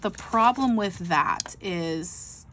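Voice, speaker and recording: A woman's voice: mid-range voice, lively intonation, slow pace, sharp tone, slight background noise. A middle-aged woman telling a rambling, frustrated story in a casual vlog, full of likes and ums. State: frustrated, near tears. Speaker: vlogger.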